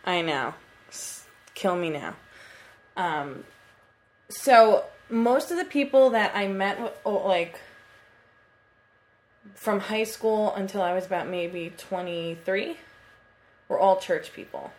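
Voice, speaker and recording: A woman's voice: medium pitch, takes it slowly, pauses often. A woman in her twenties co-hosting a casual podcast chat, telling a story in a chatty way and swearing freely. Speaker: podcast co-host. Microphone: computer mic.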